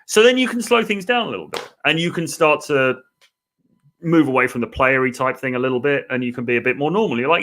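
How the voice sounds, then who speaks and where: A man's voice: mid-range voice, lively intonation, fast, fairly bright tone. An English man giving dating advice in a casual, chatty live stream, with lots of fillers. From England. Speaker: dating coach. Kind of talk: live-stream coaching talk.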